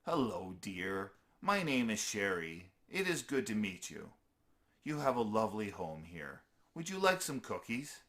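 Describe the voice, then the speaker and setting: A man voicing a gentle old granny squirrel. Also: on the low side, very animated, measured pace. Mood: sweet. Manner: gentle, kind, calls everyone dear. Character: sweet old grandmotherly female squirrel.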